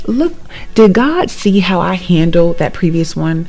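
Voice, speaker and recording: A middle-aged woman who works as a real estate agent, sharing a personal testimony in a casual vlog. She talks emphatically and repeats phrases for stress, moving between soft asides and excited bursts. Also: low voice, moderate pace, faint music behind, a faint crowd.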